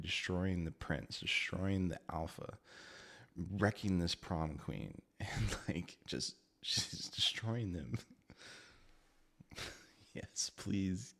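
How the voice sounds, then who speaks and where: A man's voice: low voice, gravelly, fairly bright tone. A man casually reviewing a book, chatty and laughing often as he talks.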